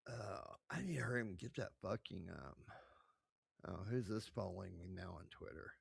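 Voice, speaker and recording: A man's voice: low-pitched, expressive, measured pace, gravelly, long pauses, breathy edge, no room sound, clean studio sound. A man streaming live, chatting casually with profane, rambling asides at his desk microphone.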